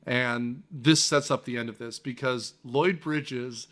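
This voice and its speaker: A man's voice: medium pitch, takes it slowly. A man hosting a casual movie podcast, recounting scenes with lots of energy and the odd swear. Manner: animated, swears, laughs while recounting scenes. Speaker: podcast host.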